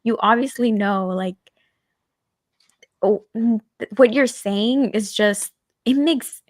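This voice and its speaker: A woman's voice: on the high side, slow pace, no room sound, clean studio sound. A woman co-hosting a casual podcast chat, rambling with lots of fillers and getting emphatic. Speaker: podcast co-host.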